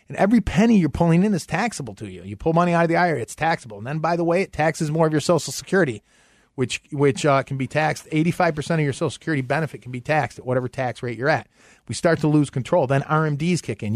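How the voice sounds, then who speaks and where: A man hosting a financial radio show, talking retirement planning and pitching a free consultation in an upbeat way. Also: no echo, clean studio sound. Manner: upbeat pitch, repeats phone number slowly.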